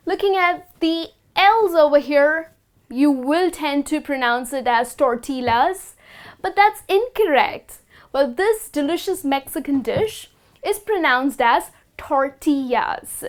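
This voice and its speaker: Lady with a high voice going slow, teaching how to say food words, repeats each one carefully. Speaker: pronunciation teacher. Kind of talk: scripted lesson to camera.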